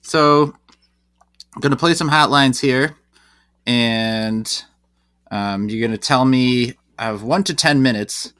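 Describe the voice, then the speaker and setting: A man's voice: mid-range voice, takes it slowly, pauses often, a bit bright, smooth, no echo, studio quality. A man hosting a casual comedy podcast, laid-back and laughing often as he leads the segment. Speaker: podcast host.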